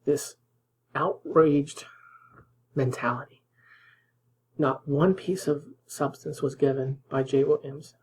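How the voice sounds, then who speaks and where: A man's voice: a little high, fairly even intonation, slow, long pauses, darkish tone, husky, rough recording. A man hosting political commentary, reacting indignantly to news clips, sometimes dropping to a whisper for emphasis.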